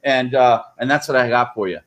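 A man dropping into a video call as a surprise guest, excitable, joking and rambling. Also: mid-range voice, a little fast. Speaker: drop-in guest. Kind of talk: casual video-call chat.

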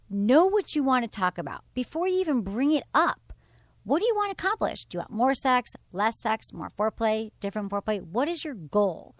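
A woman with a slightly high voice hosts a sex and dating advice talk show, recorded with no room sound. She speaks frankly and with animation, reading from her blog in a casual advice chat.

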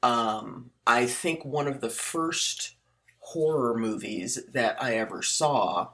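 A man co-hosting a podcast, who reads a passage aloud and then chats in an unhurried way, with lots of fillers and wry asides. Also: medium pitch, fairly bright tone. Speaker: podcast co-host. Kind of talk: casual chat and reading aloud.

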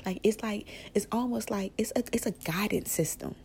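A woman hosting a casual spiritual podcast, speaking softly and often slipping into a whisper, rambling with restarts. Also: medium pitch, moderate pace, vocal fry, hardly any pauses, a little hiss or hum. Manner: soft-spoken, often drifting into a whisper. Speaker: podcast host.

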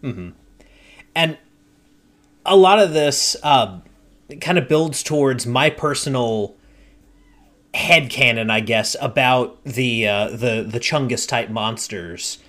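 A man hosting a casual chat, telling tabletop game stories in a deliberate, unhurried way. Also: medium pitch, fairly bright tone. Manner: slow, deliberate storytelling. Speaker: podcast host and game master.

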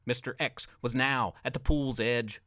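A man reading a children's adventure story aloud with expressive, dramatic narration. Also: medium pitch, measured pace, no echo, studio quality.

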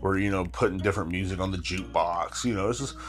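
A man in his thirties with a very low voice tells a story on his podcast. He rambles loosely, stacking swear words and "you know what I'm saying" asides. He sounds tired. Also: fast talker, soft background music. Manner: rambling, heavy swearing, frequent filler asides. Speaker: podcast host. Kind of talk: casual storytelling monologue.

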